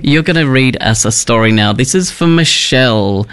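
Man, mid-pitched, chatty upbeat host. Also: expressive, normal speed, a bit bright, clean tone. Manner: chatty, upbeat, thanks donors. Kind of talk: casual community event hosting.

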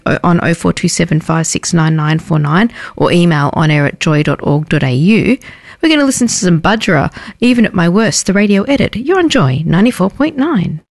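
A woman's voice: mid-range voice, dry recording, clean studio sound. A woman hosting daytime radio in a chatty, self-deprecating way, with a slightly sore throat. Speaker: radio host. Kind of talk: casual radio chat. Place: radio station airlock.

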